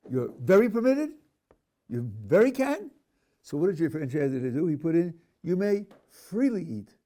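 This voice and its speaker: A man's voice: a little high, dark tone. A man, a rabbi, teaching a text class, reading verses aloud and then questioning them with dry humor. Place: yeshiva classroom.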